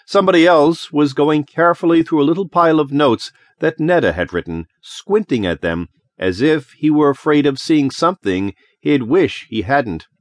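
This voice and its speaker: A man reads an audiobook in an expressive, dramatic storytelling manner. His pitch moves a lot from line to line. The studio sound is close and dry. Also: moderate pace, hardly any pauses, dry recording. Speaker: audiobook narrator. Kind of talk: scripted narration.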